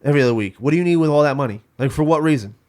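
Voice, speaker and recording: A man's voice: a little high, very fast, darkish tone. A man ranting in casual podcast talk, stumbling over his words and restarting often. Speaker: podcast guest. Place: home studio.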